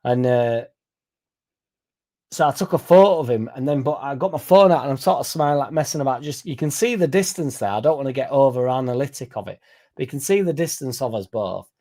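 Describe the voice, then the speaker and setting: A young man streams for football fans, his mellow, medium-pitched voice moving quickly with lively intonation. To his viewers he spins a meandering story full of swearing, told bluntly and casually.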